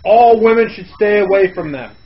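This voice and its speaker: High-voiced man mocking a reality show. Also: animated, normal speed, muffled recording. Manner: crude, mocking, blurts out shouts. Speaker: comedy commentator. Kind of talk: sarcastic riffing over a reality show.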